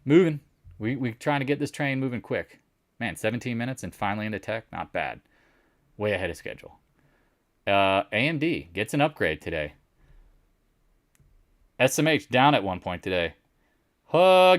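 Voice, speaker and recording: A man hosting a casual live stock market recap, animated and sarcastic, often teasing imagined viewers. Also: on the low side, normal speed, long pauses, no room sound, clean studio sound.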